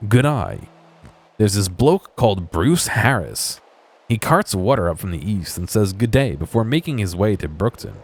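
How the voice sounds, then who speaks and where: A man voicing a cheerful, smooth-talking male alderman of a small farming town in a video game, reading the lines in his own plain voice. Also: lowish voice, very animated, normal speed.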